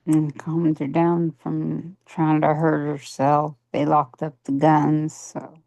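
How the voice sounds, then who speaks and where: A woman's voice: low-pitched, level tone, slow pace, creaky, a little mellow, no room sound. A woman telling a personal story in a coaching session, earnest and plain-spoken, acting out what people said. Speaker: coaching client.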